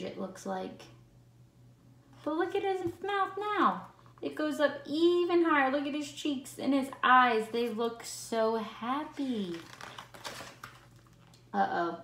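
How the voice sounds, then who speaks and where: Slow, expressive woman reading to kids. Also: medium pitch, slight background noise. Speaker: teacher. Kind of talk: reading a picture book aloud to children. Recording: roomy echo.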